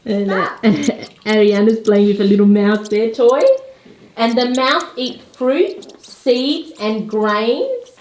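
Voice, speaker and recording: A woman slowly naming toy animals for children at home, coaxing them to make animal sounds. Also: on the high side. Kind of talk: slow explanatory narration for kids. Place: home room. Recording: echoey room with music behind.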